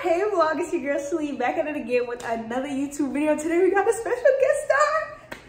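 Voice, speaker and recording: Young woman vlogging, hyped and slangy, laughing a lot, kinda high voice, echoey room. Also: brisk, music in the background. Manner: excitable, slangy, laughs often. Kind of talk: casual vlog chat. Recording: roomy indoor echo.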